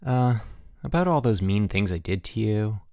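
A man's voice: on the low side, lively intonation, moderate pace, a little mellow, dry recording, studio quality. A man voicing a cheeky, wisecracking schoolboy with a mocking way of talking. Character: wisecracking, wicked-grinning schoolboy.

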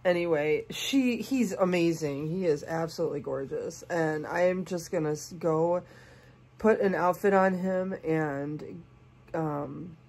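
Unboxing host, woman in her forties: husky, low-pitched, gushing with soft hushed asides, sick. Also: a little slow. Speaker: doll collector and channel host. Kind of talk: casual unboxing vlog.

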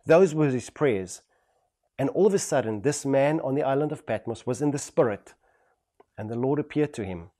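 Man, South African accent, pastor preaching, emphatic repetition, warm mellow tone. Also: mid-range voice, animated, moderate pace. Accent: South African English. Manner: emphatic, repetitive rhetorical build-ups. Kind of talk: sermon.

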